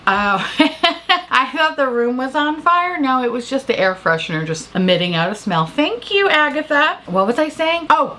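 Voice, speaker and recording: A woman's voice: a little high, sharp tone. A woman chatting casually as a makeup vlogger, rambling, swearing freely and laughing often.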